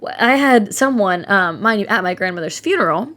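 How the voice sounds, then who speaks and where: A woman's voice: medium pitch, animated, fairly quick, fairly bright tone. A woman in her twenties hosting a casual solo podcast, talking candidly and animatedly, swearing freely and mimicking the people she quotes. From Ohio. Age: 20s. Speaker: podcast host.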